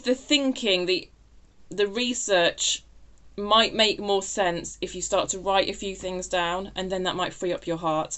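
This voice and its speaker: A woman's voice: mid-range voice, fairly bright tone. Chatty, self-interrupting woman reading tarot. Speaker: tarot reader.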